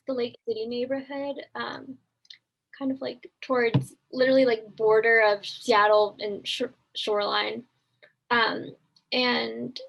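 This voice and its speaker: A woman's voice: fairly high pitch, poor audio. A young woman, a student guest, giving a hesitant casual answer with many fillers and small laughs. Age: young adult.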